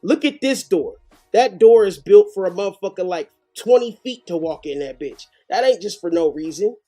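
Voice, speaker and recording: Slangy high-voiced reaction host. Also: male voice, normal speed, soft background music. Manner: animated, heavy slang and profanity. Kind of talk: live reaction commentary.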